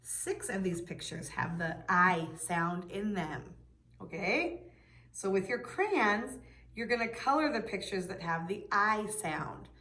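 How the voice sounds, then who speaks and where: Woman preschool teacher, slow patient delivery, echoey room. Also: mid-range voice, animated, sharp tone. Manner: slow, patient, sounds out words for children. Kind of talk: video lesson for young children.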